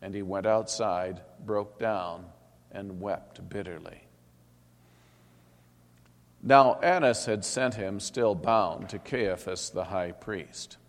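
A man reading a Bible passage aloud in a steady, solemn manner. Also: deep voice, slow pace. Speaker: scripture reader. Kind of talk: scripted Bible narration. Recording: long hall reverb.

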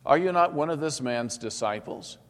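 A man's voice: a little high, expressive, moderate pace, a bit bright, pitched above the performer's own voice. A man voicing a young servant girl who questions pointedly. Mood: accusing. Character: servant girl at the door, young woman, accusing. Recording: long hall reverb.

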